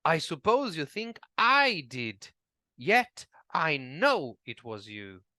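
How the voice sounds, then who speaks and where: A man plays a fiery little old woodcarver in a storybook reading, his voice climbing high and lively. He bristles at every slight and swings into shrill indignation. The recording is close and dry. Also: slow pace, no echo, exaggerated voice. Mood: indignant. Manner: indignant, shrill when angry.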